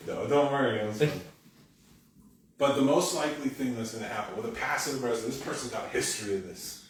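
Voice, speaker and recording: A man's voice: medium pitch, fast, distant mic, a little hiss or hum. A man preaching a conversational sermon as a pastor, often acting out the quoted lines of other people. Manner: conversational, animated, acts out quoted dialogue. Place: church sanctuary. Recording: echoey church hall, speaker away from mic.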